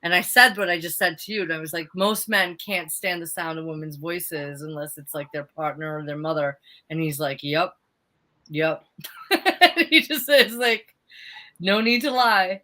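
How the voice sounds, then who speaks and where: A chatty woman co-hosting a live stream, her voice bright and sharp. She talks in lively, quick bursts, in loose, casual chat. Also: low-pitched. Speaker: livestream co-host.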